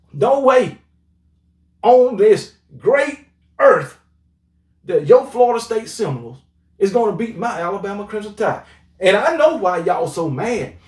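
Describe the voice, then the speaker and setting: High-voiced man ranting about sports, echoey. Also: distant mic. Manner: trash-talking, repeats "come on, man". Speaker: sports commentary vlogger. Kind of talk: opinionated sports rant. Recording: roomy echo, voice off-mic.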